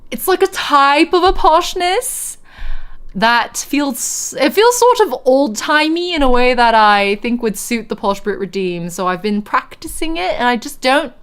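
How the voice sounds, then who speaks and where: A woman's voice: high-pitched, animated, unhurried, fairly bright tone, smooth. A woman streamer chatting casually on a livestream, giggly and answering chat as she talks. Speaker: game streamer.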